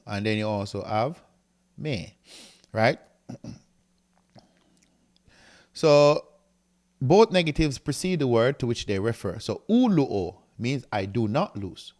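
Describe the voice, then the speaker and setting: A man's voice: medium pitch, very animated, measured pace, long pauses, a little mellow. A man teaching a recorded grammar lecture, explaining step by step and often checking in with "right?" while he reads from a textbook and writes on a board. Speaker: Greek teacher.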